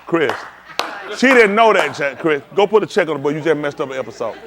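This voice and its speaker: Host, male; high, lively pitch; playful teasing emcee of a room game. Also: a little fast, noisy background. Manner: playful, teasing, calls on people by name. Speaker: host leading a group trivia game. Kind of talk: lively group banter.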